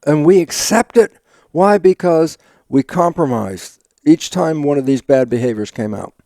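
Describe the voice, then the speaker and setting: An older man, a biologist guest in an interview, telling stories with lively acted-out quotes of his own inner dialogue and frequent laughs. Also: on the high side, a little slow, gravelly, dry recording. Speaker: guest, stem cell biologist. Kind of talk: animated storytelling interview talk.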